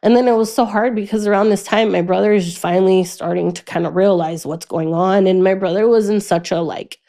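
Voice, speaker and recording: Young woman on a podcast, mid pitch, talks in starts and stops, gets quiet on the hard parts. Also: fairly even intonation. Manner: halting, with frequent "like" and restarts; quiet and subdued in painful moments. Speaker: podcast guest. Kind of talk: candid personal storytelling.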